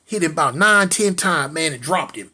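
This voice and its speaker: A man's voice: on the high side, lively intonation, moderate pace, bright, forceful tone. A man telling a street story dramatically, repeating lines, calling out to listeners and voicing gunshot sounds. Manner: addresses listeners directly.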